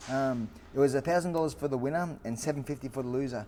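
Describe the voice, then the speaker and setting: A man in his forties from Australia, a fighter telling stories as a guest, lively with lots of fillers and restarts. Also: medium pitch, quick pace, a loud crowd. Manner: animated storyteller with frequent fillers and restarts. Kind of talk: storytelling in an interview.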